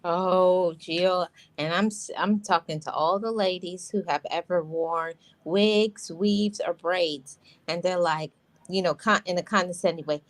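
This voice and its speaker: A woman guest on a casual livestream talk show, telling a personal story in a relaxed, wry way. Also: fairly low pitch, measured pace.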